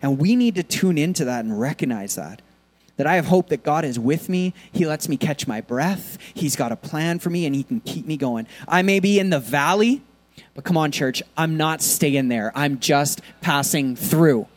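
A male pastor delivering a sermon, his voice sitting a little higher than most men's. He talks in a loose, conversational way, full of casual fillers, then builds into animated, rising preaching. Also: normal speed.

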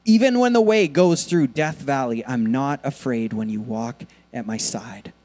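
A man preaching a sermon in a conversational, animated way, with lots of casual fillers. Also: medium pitch, a little slow. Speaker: pastor.

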